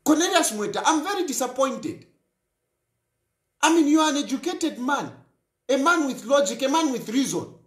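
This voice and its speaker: Zambian man, talk show host, emphatic, high voice, echoey room. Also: sing-song, moderate pace, long pauses. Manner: emphatic, repeats phrases for force. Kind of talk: impassioned political monologue.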